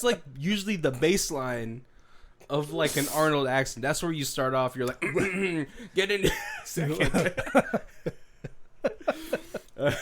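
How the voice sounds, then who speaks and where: A man's voice: on the high side, slight background noise. A man co-hosting a movie commentary podcast, recapping scenes in casual chat and laughing often. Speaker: podcast co-host.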